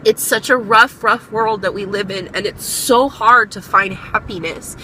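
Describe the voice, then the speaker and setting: A woman's voice: mid-range voice, unhurried, sharp tone, slight background noise, rough recording. A young woman vlogger giving a candid, earnest motivational talk, encouraging her viewers and swearing freely.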